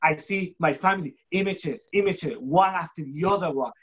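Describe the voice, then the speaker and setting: A guest giving an emotional personal testimony, halting and repeating words for emphasis, acting out remembered dialogue. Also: a bit bright, breathy edge, muffled recording. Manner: acts out quoted dialogue with shifting pitch. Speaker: guest telling a personal story.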